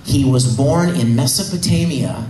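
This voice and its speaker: An animated man at a convention panel, telling a story with feeling and tripping over his words. His mid-pitched voice echoes around a large room, with faint hiss underneath. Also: measured pace, distant mic. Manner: animated, emotional retelling with many restarts. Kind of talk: enthusiastic storytelling. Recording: echoey hall, faint noise.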